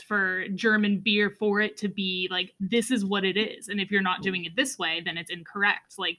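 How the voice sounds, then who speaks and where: A woman joins an easygoing podcast chat in an ordinary mid-range voice. She thinks out loud, hedges and fills her sentences with "like". Her delivery stays loose and conversational. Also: mid-range voice. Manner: chatty, hedging, heavy use of "like".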